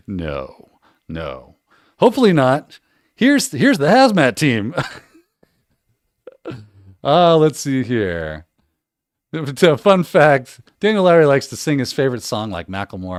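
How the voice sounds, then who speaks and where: A man hosts a livestream in relaxed chat, reading out viewer comments and joking along. His pitch moves lively up and down. The sound is dry and close. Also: a little slow, no echo. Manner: reads out viewer comments, jokey, laughs often. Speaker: livestream host.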